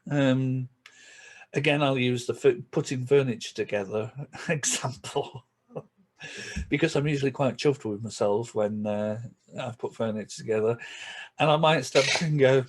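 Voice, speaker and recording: A man's voice: medium pitch, moderate pace. A man with a Yorkshire accent, chatting casually in a reaction video and explaining things with everyday examples. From Yorkshire, England. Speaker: vlogger.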